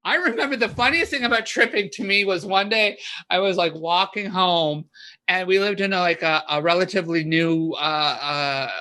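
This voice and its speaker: Bright-voiced woman telling wild stories. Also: on the low side, normal speed. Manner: animated storyteller, voices her past panic in loud bursts. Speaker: podcast guest. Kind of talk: casual chat, storytelling.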